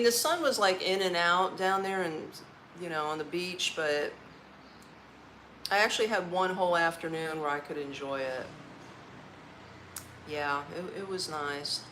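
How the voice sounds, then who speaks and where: Though tired and eating as she talks, this Orlando, Florida woman is animated, with a slow delivery and a lowish, somewhat bright voice. She hosts a casual live stream from inside her apartment, chatting loosely, laughing often and using folksy slang, on a rough recording with faint room hum.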